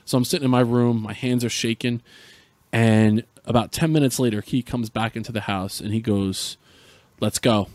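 A man's voice: mid-range voice, steady tone, moderate pace, darkish tone, no room sound. A middle-aged man from Central New Jersey, a podcast guest earnestly retelling a painful personal story with frequent restarts.

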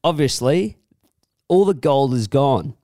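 A man's voice: medium pitch, expressive, slow, mellow, no room sound, clean studio sound. A young Australian man co-hosting a podcast, telling a rambling anecdote. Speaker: podcast co-host. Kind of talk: casual chat.

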